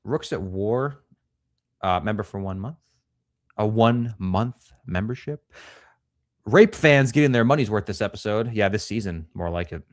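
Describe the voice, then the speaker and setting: A man's voice: on the low side, animated, measured pace, no room sound, clean studio sound. A man co-hosting a casual livestream, reading chat comments aloud and joking crudely. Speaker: podcast co-host.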